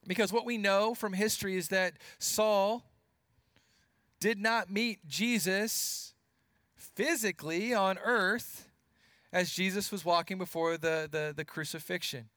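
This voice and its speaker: A man delivers a sermon in a high, earnest voice, often circling back over words as he builds each point. He sinks his voice low and quiet to stress key lines. The sound is dry and close, with no room ring. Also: measured pace, pauses often, no room sound. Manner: earnest, repeats words while building points, drops voice for emphasis. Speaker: preacher.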